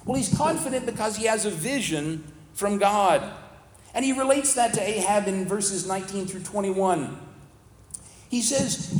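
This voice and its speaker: A man with a notably high voice teaches through a Bible passage in a relaxed, explaining way. The sound is roomy, with a long reverb trailing each phrase as if recorded in a large hall. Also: measured pace. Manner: conversational, plain-spoken explaining.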